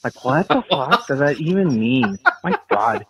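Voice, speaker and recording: A lisping, self-important man , as voiced by a man, rambles through a voicemail in a high voice, brushing everything aside with "blah, blah." The audio is dull and lo-fi, like a played-back phone message. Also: wildly swooping pitch, a little slow, gravelly, a crowd in the background, heavily acted. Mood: disgusted. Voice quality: lisp. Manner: dismissive, trails off into "blah, blah". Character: boastful petty man leaving rambling voicemails.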